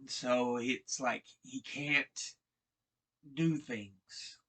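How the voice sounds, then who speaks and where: Man, casual show recap, unhurried, crisp bright tone, halting restarts. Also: mid-range voice. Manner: halting, repeats words as he restarts.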